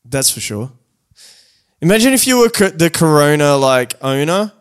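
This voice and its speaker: A man hosting a podcast in casual chat, jokey and quick to laugh. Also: fairly high pitch, sing-song, smooth. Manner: jokey, bursts into laughter and silly put-on voices. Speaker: podcast host.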